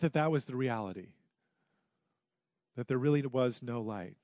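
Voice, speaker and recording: A man preaching a sermon, moving between hushed, low passages and loud, raised emphasis. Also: normal speed, pauses often, no echo. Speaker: pastor.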